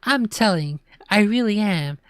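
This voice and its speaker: Brief: bratty kid sister, woman doing the voice, shrill and insistent, dry close sound. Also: expressive, unhurried, no echo, natural voice. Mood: pleading. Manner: high, shrill, whining. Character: shrill bratty little girl, whiny and insistent.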